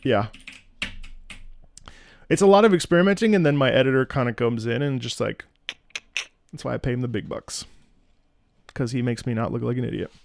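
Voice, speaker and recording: A man's voice: mid-range voice, fairly quick, creaky, long pauses, darkish tone, dry recording. A man hosting a casual music commentary stream, scatting melodies between rambling, restarting remarks. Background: faint game music.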